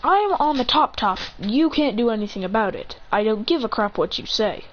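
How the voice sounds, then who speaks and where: A woman's voice: fairly high pitch, expressive, moderate pace, natural voice. A woman voicing a sarcastic cocky teen boy. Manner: blunt, mocking, dismissive. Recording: dull lo-fi recording with hiss.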